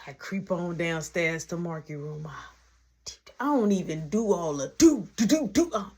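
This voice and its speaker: A young woman tells a story casually and dramatically. Her voice is very husky and breathy, with a lowish pitch that swoops widely. She often drops into whispered asides. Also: lively intonation, moderate pace, mellow. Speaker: vlogger.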